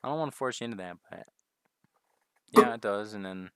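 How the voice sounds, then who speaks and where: A man playing a tabletop game, joking crudely and often trailing off quietly. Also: fairly low pitch, a little fast, smooth, no echo. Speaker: player. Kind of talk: casual tabletop chat.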